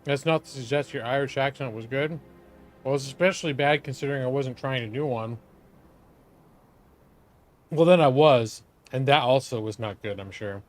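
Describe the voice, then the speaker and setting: A man's voice: mid-range voice, moderate pace, pauses often, no echo. Joking male game streamer. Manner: joking, self-mocking. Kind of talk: casual live stream chat.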